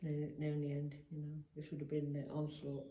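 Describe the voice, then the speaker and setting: Low-voiced medium in an echoey church. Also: female voice, monotone, fairly quick, dull audio. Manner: hesitant, musing, calls out to a spirit. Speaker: psychic medium. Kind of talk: paranormal investigation chat. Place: inside a church.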